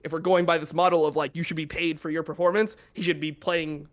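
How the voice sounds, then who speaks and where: A young man with a fairly high voice hosts a casual podcast. He talks in blunt, profane, exasperated rants. His delivery is loose and conversational. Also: flat delivery, fast. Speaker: podcast host.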